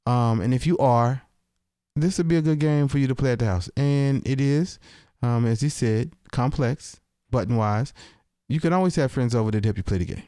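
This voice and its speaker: A man on a casual podcast who speaks haltingly, stumbling and restarting as he makes his case. His voice is middling in pitch and sits dry and close to the mic. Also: mellow, dry recording. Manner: halting, hesitant, many restarts and fillers. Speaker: podcast co-host. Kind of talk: casual podcast chat reviewing a game.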